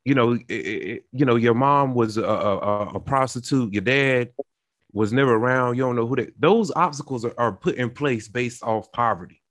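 A man's voice: medium pitch, moderate pace, fairly bright tone, no room sound, clean studio sound. A young man hosting a casual talk show, explaining his point earnestly with everyday examples and many restarts. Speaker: podcast host. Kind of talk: casual conversational discussion.

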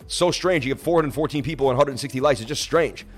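A man's voice: mid-range voice, quick pace, soft background music. A man hosting a crypto livestream, chatting casually and emotionally while reading viewer comments and begging for likes. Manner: rambling, emotional, pleading for likes. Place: traveling, streaming from Miami.

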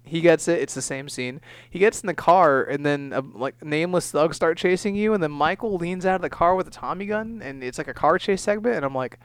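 A man's voice: a little high, clear, resonant tone, no echo. A young man co-hosting a casual podcast, rambling through jokes and stories. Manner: rambling, joking, puts on quick voices. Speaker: podcast co-host. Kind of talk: casual chat.

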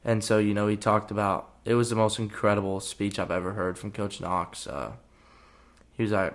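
Young man with a lowish voice, rambling casually. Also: normal speed. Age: young adult. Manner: relaxed, rambling, full of "you know" and "uh" fillers. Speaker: college football player hosting a podcast. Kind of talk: casual storytelling.

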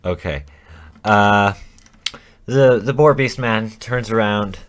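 A man narrating as game master of a tabletop role-playing game, in a casual, halting way with restarts. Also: fairly low pitch.

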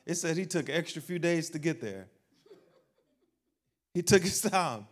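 Conversational preacher with a lively delivery. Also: male voice, a little high, measured pace, long pauses. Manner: conversational preacher, asking the crowd questions and acting out everyday voices. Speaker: pastor. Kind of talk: sermon.

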